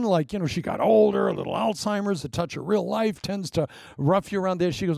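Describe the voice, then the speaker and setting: A man preaching a sermon in an animated way, sometimes dropping to a whisper for emphasis. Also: high-pitched, a little fast, vocal fry, hardly any pauses, no echo, studio quality. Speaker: pastor.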